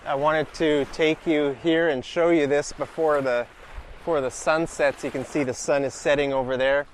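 A man's voice: fairly high pitch, fairly even intonation, moderate pace. A man with a slightly raised voice chats his way through an outdoor vlog, rambling and joking as he goes. Faint ambient noise drifts behind him in the open-air riverside park. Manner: chatty, rambling, wry humor. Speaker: vlogger. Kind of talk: casual walking vlog.

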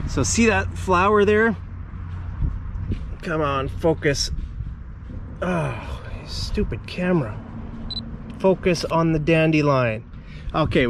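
A man's voice: medium pitch, a little hiss or hum. A man giving a rambling, off-the-cuff vocabulary lesson while walking outdoors with a camera. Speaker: English teacher. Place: outdoors on residential streets. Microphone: handheld camera while walking.

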